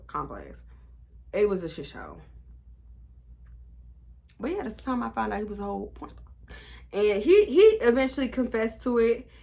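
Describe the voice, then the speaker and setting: A woman in her twenties telling a storytime vlog in a blunt, animated, profane way. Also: mid-range voice. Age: 20s. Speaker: vlogger.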